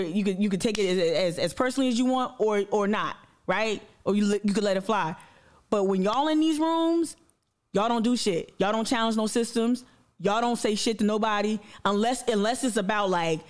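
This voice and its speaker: A woman hosting a livestream, giving a blunt, impassioned monologue full of profanity and repetition, speaking straight to her audience. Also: mid-range voice. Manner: addresses the audience directly and reads viewer comments aloud. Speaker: livestream host.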